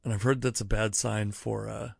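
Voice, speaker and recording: A man's voice: on the low side, little pitch movement, normal speed, gravelly, a little mellow, slightly rough, no room sound. A young man talks straight into a close mic in a dry, dead room, winding through a story in casual podcast chat. He swears freely and keeps breaking off to chase side thoughts before he comes back to the point. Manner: rambling, profane, self-interrupting anecdotes. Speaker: podcast host.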